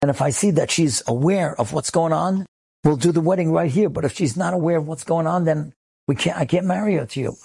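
A man voicing an older rabbi who speaks in a gentle but firm, measured way. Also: a little high, vocal fry, slightly rough, dry recording.

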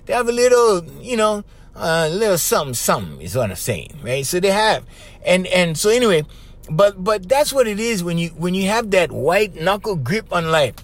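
Hawaiian pidgin guy hosting a podcast, rambly casual talk, kinda high voice that swings a lot. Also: sing-song, normal speed. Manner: chatty, loose, laughs often, says bro. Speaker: podcast host.

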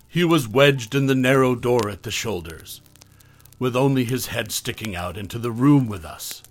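A man reading a scripted horror story aloud as the host, in a measured, calm storytelling manner. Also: medium pitch.

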